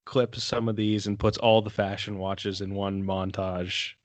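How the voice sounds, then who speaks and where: A man with a somewhat low voice co-hosts a casual podcast. He tells the story in a laid-back way and swears now and then. The mic sound is dry and close. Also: little pitch movement, a little slow, no echo. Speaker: podcast co-host.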